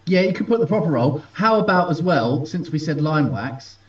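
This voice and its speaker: A man's voice: animated, normal speed, crowd noise. A man chatting easily as co-host while producing music, humming out sound ideas. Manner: easygoing, hums bass ideas out loud. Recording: distant, dull lo-fi sound.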